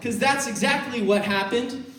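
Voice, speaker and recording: A man's voice: very high voice, moderate pace. A young man performing stand-up comedy, telling a story and acting out the other people's voices. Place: college comedy venue with audience. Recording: roomy distant live recording, noisy. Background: audience laughter.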